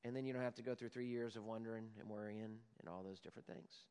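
A man in his forties preaching a sermon as a pastor, moving between loud emphasis and hushed, prayerful passages. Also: fairly low pitch, steady tone, fast, smooth, in a large hall.

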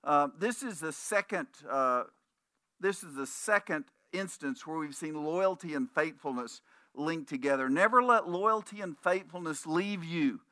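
A man delivers a conversational sermon as a pastor, telling stories and voicing the people in them. His voice is bright and a little higher than most men's. It sounds dry and close, with no room echo. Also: measured pace. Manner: conversational preaching with anecdotes and restarts; puts on voices when quoting people in stories.

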